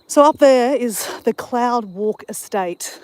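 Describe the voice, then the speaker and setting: A woman's voice: fairly high pitch, expressive, takes it slowly, darkish tone, dry recording. A woman chatting on a live stream while out on a bush walk, rambling and greeting viewers in the chat, on a handheld phone mic. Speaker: vlogger.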